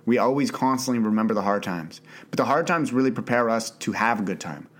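A man's voice: fairly low pitch, lively intonation, quick pace. Earnest young man, unscripted rambling monologue. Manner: earnest, rambling, with frequent restarts and swearing. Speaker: podcast host. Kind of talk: unscripted solo podcast monologue.

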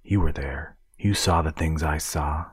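A man's voice: a bass voice, slightly rough, no echo, clean studio sound, full character voice. A man doing a weary burned-out agent. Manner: tired, halting.

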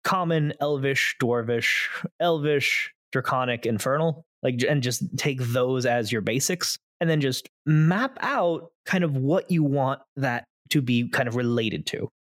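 A man's voice: mid-range voice, measured pace, hardly any pauses, fairly bright tone, no echo, studio quality. A young man hosting a casual tabletop-gaming podcast, rambling with lots of fillers. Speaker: podcast host, game master. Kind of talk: casual chat.

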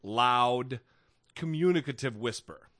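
A man's voice: medium pitch, takes it slowly, fairly bright tone, dry recording, studio quality. A man co-hosting a podcast in casual chat, wry and rambling, swearing freely and restarting his sentences. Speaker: podcast co-host.

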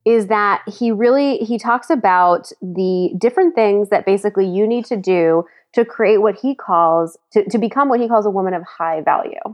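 A woman's voice: medium pitch, moderate pace, few pauses, dull audio. A woman co-host laying out a book's ideas in an organized, explanatory way during casual chat. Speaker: podcast co-host. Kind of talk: casual chat, summarizing a book.

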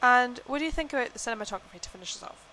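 A woman's voice: on the high side, expressive, rapid-fire, bright, forceful tone, a little hiss or hum. Chatty young woman co-hosting a podcast. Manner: chatty, gushing, many fillers and restarts. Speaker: podcast co-host. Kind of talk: casual film-review chat.

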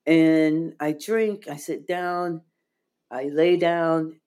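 A woman as an interview guest, telling a deeply personal story in an earnest, heartfelt way, with frequent "like" fillers. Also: fairly even intonation, extremely slow, a little mellow. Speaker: podcast guest.

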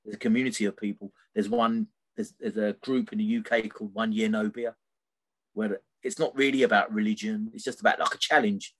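Candid middle-aged man, low voice. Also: expressive, a little fast, fairly bright tone. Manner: rambling, tags sentences with "right?", many fillers. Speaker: podcast guest. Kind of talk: candid personal storytelling.

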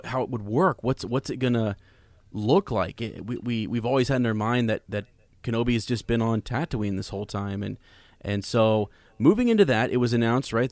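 A man hosting a casual podcast interview, halting and repeating words with many fillers. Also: mid-range voice, no echo.

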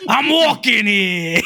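A man mimicking a brash superhero in a mock Brooklyn accent, shouting and laughing through it. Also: high voice, a little hiss or hum, voice pushed up, exaggerated voice. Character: mock tough-guy male superhero, loud and brash.

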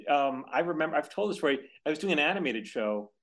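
Male host, easygoing chatter with a bouncy, wide-ranging voice. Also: fast talker. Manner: lively pitch, swears casually, frequent backchannel. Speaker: podcast host. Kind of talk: casual interview chat.

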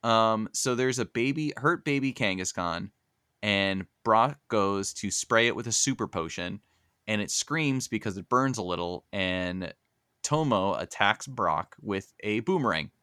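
Podcast guy telling the episode story, animated and jokey, dead dry room. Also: on the low side, unhurried, clean tone, no room sound. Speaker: podcast host. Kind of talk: casual recap of a cartoon episode.

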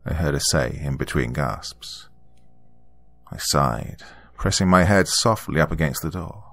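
A man narrating a first-person story in a calm, measured, reflective way. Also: rumbling low, gravelly, faint music behind.

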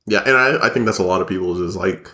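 A young man co-hosts a casual podcast, rambling and joking with plenty of fillers while sounding nasal from a cold. His deep voice comes out fast, bright and forceful. The small home studio gives it an echoey, reverberant sound.

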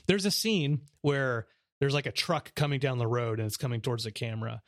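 A middle-aged man co-hosting a podcast, chatting casually and telling an animated story with frequent laughter. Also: fairly quick, dry recording, studio quality. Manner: animated storyteller, laughs often, mimics high voices. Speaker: podcast co-host. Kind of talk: casual chat.

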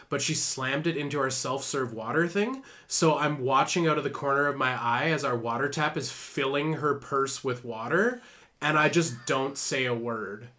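A man's voice: mid-range voice, a bit bright. Laughing young man telling loose stories. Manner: laughs often, loose storytelling with many fillers. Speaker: podcast host. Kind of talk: casual chat.

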